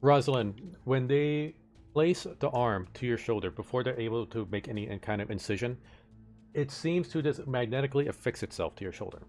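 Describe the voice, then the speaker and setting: A man narrating as game master for a tabletop game, halting and full of fillers and restarts. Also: mid-range voice, darkish tone, soft background music.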